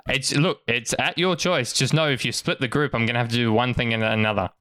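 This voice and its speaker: A man's voice: medium pitch, fairly even intonation, brisk, bright, forceful tone. A man narrating as game master, casual, with lots of fillers and swearing.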